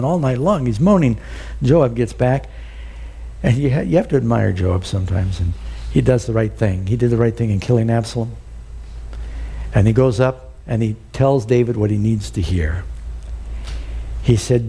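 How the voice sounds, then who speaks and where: Male preacher, mellow tone, earnest storyteller who puts questions to the listeners. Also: mid-range voice, lively intonation, normal speed, creaky, breathy edge. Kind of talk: sermon.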